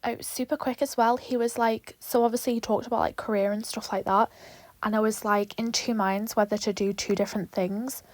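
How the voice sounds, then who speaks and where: A young woman talking through a nail tutorial in an animated, rambling way, with lots of swearing and asides. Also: fairly high pitch, a little fast, no echo. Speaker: nail tech vlogger. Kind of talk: chatty tutorial vlog.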